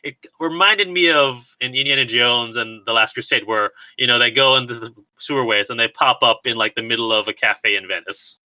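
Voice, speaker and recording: Podcast co-host, male, chatty and rambling, very bright voice, mid pitch. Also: a little fast, hardly any pauses, poor audio. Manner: rambling, laughs often, lots of "like" and restarts. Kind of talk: casual chat recapping a film.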